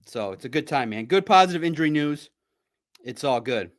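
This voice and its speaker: Brisk and expressive, this sports podcast host keeps things casual with playful banter and good-natured trash talk. His volume leaps between loud outbursts and quiet asides.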